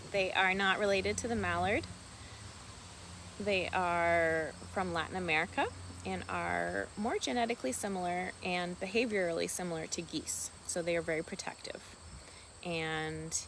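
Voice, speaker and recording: A woman vlogging casually outdoors on a farm, talking softly and rambling fondly about her pet ducks. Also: mid-range voice, a little hiss or hum. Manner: soft-spoken, meandering, affectionate toward her pets. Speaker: vlogger and duck keeper. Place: outdoors on a rural farm by water.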